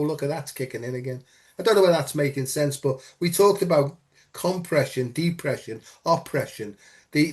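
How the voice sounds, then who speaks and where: A man's voice: on the high side, darkish tone. A man hosting a casual chat show, talking earnestly and rambling with lots of "you know". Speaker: host.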